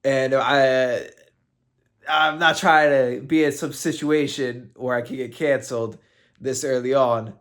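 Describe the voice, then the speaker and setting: A man's voice: medium pitch, steady tone, measured pace, a bit bright. A man commenting on combat sports in a casual fight breakdown, joking and laughing often.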